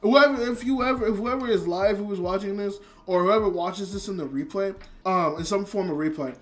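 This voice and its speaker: An anime reviewer talks casually on a livestream, with a voice that leaps up and drops down constantly. The delivery rambles, doubles back on itself and is peppered with swearing. It sounds excitable and unpolished. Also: normal speed, few pauses, soft background music. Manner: rambling, with many restarts and frequent swearing; excitable, jumps between high and low.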